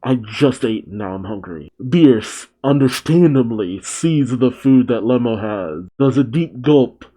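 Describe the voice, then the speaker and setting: A man hosting a manga reaction, reading the story aloud and making relaxed, laughing asides. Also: medium pitch, a little slow, hardly any pauses. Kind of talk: casual reading and commentary.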